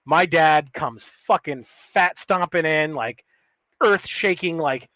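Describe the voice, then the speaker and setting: A man's voice: fairly high pitch, takes it slowly, a bit bright, no room sound, highs cut off. A man co-hosting a podcast, telling a long story in a rambling, profane, casual way with many restarts. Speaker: podcast co-host.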